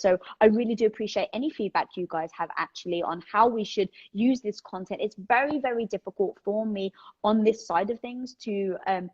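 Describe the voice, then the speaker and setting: Streaming from home on a phone, a woman with a British accent answers her viewers' questions in a lively, frank, casual chat. She has a mid-range voice, and the sound is lo-fi.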